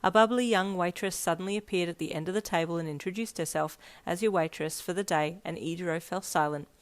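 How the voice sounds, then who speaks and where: A woman narrating a fanfiction story aloud in a steady storytelling read. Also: on the low side, a little fast. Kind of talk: scripted narration.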